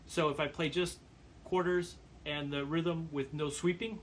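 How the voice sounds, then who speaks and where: Man teaching drum technique, slightly high voice. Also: unhurried, over loud music. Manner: calm, explanatory, counts beats aloud while playing. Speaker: percussion teacher. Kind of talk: instructional demonstration.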